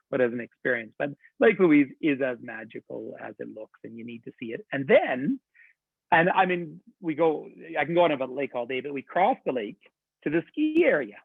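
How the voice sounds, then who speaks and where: A man's voice: a little high, big pitch swings, a little fast, gravelly, husky, no room sound. Chatty tour director man on a tinny line. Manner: chatty, enthusiastic storytelling with laughs. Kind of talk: webinar presentation. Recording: tinny phone-like line, dry.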